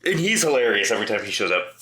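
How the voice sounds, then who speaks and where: A man co-hosting a podcast in casual chat, animated and prone to profane rants. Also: fairly low pitch, very fast, crowd noise. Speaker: podcast co-host. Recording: roomy echo.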